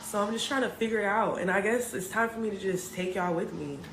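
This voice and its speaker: A woman's voice: medium pitch, a bit bright. A young woman from Richmond, California, talking casually about her life and music, with lots of filler words and restarts. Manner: halting, heavy on filler words. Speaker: musician sharing her story. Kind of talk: casual confessional talk. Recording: roomy echo with background noise.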